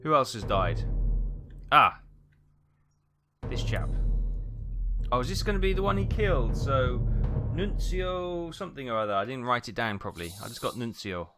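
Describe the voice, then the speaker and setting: Let's-player, chatty, thinks aloud, lively pitch, game music under him. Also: male voice, moderate pace, long pauses. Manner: chatty, muttering to himself as he thinks. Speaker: gaming video host. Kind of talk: casual let's-play commentary.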